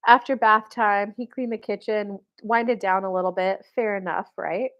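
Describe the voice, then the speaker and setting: A woman who works as a dating and spiritual coach, an adult mother of boys, talks casually to camera at normal speed with few pauses. Her medium-pitched, fairly bright voice has fairly even intonation as she tells chatty stories with many fillers.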